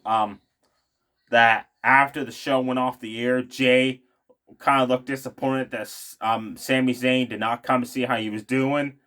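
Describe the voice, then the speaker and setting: A man talks through a wrestling recap in a loose, chatty way. His voice sits at an ordinary middle pitch. He keeps circling back with fillers and tossing in his own opinions as he goes. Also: pushed and bright. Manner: rambling, many fillers, opinionated asides. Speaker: wrestling show recap vlogger. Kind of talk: casual spoken recap.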